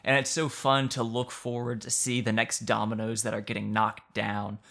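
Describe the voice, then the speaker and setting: A man co-hosting a casual podcast chat about tabletop games, enthusiastic and quick to laugh. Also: lowish voice, little pitch movement, gravelly, fairly bright tone. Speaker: podcast co-host.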